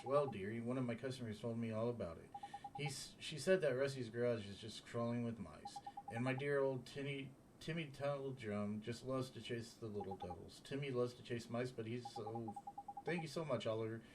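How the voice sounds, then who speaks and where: A man's voice: medium pitch, brisk, background noise, close to an everyday voice. A man voicing a doting middle-aged woman who coos and fusses over her cat. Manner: cooing and motherly.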